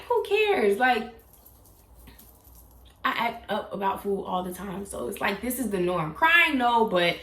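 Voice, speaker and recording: A young woman tells a personal story in a casual, animated vlog, acting out quotes with sudden leaps in pitch. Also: reverberant. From South Florida. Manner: animated, dramatic retelling with acted-out quotes and sudden pitch jumps. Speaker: YouTuber telling a story.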